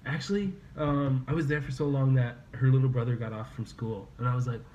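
A young podcast host rambles through a story in casual chat, laughing and swearing along the way. His medium-pitched voice is brisk with fairly even intonation, in a roomy space with a noisy background. The audio is slightly dull lo-fi with faint ambience.

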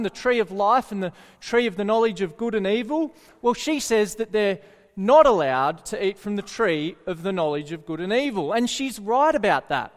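A man preaching a sermon earnestly, often putting questions to his listeners. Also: high-pitched. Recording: echoey hall reverb.

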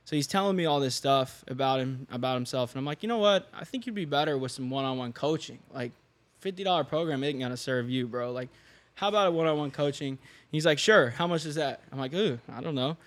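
A young man chats on a podcast as a guest, spinning a story with lively energy. He acts out the lines of the people he quotes and laughs easily. His voice sits at an ordinary middle pitch. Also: fast. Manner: animated, laughs often, acts out quoted dialogue. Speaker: podcast guest, online fitness coach. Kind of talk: casual storytelling chat.

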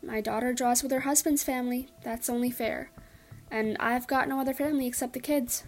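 A woman reading a quiet, resigned village husband. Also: high-pitched, fairly even intonation, brisk. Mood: regretful. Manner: quiet, regretful replies.

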